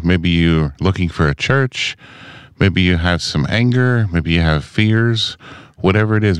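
Deep-voiced radio co-host. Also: male voice, clear, resonant tone, no echo. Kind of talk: scripted radio announcement. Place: radio studio.

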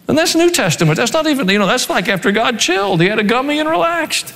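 A man preaching a sermon as pastor, reading scripture and adding dry joking asides in an animated way. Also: very high-pitched, fast, few pauses. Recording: long hall reverb.

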